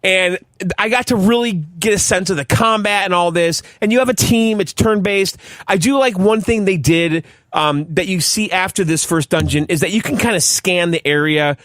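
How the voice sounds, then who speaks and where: A man's voice: high-pitched, moderate pace, a bit bright, no room sound. A man hosting a gaming podcast, talking animatedly and swearing freely in casual chat. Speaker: podcast host.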